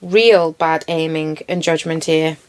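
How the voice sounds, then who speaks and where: A woman's voice: sits low, fairly even intonation, slow, clean tone. A woman giving blunt, indignant commentary over video footage and swearing freely. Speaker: true crime commentator.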